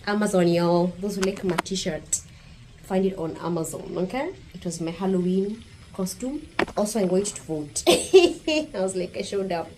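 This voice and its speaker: A woman's voice: on the low side, normal speed, noisy background. A woman from Kenya with a Kenyan accent, giving blunt, provocative vlog commentary straight to her viewers. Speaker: vlogger. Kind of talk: opinionated casual vlog commentary.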